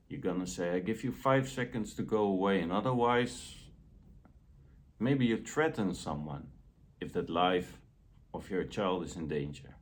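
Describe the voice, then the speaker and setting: A man giving a motivational self-help talk in a gentle, deliberate way. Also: lowish voice.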